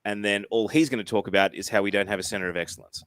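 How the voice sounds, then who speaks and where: Aussie bloke on a podcast, punchy opinions, dry close sound. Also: male voice, on the low side, fast talker, clean tone, no room sound. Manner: emphatic, animated opinions. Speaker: podcast co-host. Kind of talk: casual chat.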